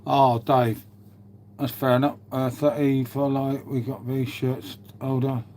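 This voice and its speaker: A man's voice: mid-range voice, little pitch movement, a little slow, darkish tone, slight background noise. A man, chatting casually on a live stream, swearing freely and bantering as he answers viewers' chat. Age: 50s.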